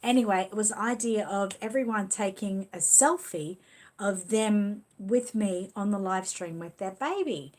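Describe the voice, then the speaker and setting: A woman's voice: medium pitch, unhurried, darkish tone. A middle-aged Australian woman chatting casually on a livestream, rambling and cooing affectionately as she reads viewer comments. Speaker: livestream host.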